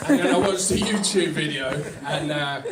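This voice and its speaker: A young English man doing a stand-up set, talking in a halting, filler-heavy way with dry asides. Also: on the high side. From England. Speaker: stand-up comedian. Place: small comedy club with live audience. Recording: echoey room, far mic, loud crowd noise. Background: audience laughter.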